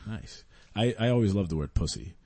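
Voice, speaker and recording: A man's voice: lowish voice, animated, a little fast, a little mellow, breathy edge, no room sound. A man co-hosting a podcast, blunt and vulgar in crude casual banter. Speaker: podcast co-host.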